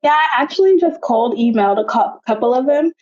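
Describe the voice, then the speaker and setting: A woman's voice: sits high, animated, fairly quick, a little mellow, lo-fi sound. A young adult woman, a genetic counselor, answering interview questions in a chatty way, often saying "like".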